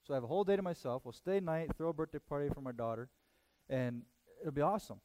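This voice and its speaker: A man in his thirties, a pastor telling a self-mocking story in a sermon, full of quick asides. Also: a little high, mellow.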